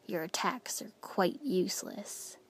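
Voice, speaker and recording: A woman voicing a cold, detached young male fighter in a storybook reading, speaking calm, quiet and low. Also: measured pace, husky, dry recording, whispered.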